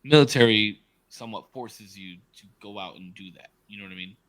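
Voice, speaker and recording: A man's voice: lowish voice, brisk, a bit bright, low-quality recording. A man co-hosting a podcast, retelling a story emphatically and swearing often in casual chat. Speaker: podcast co-host.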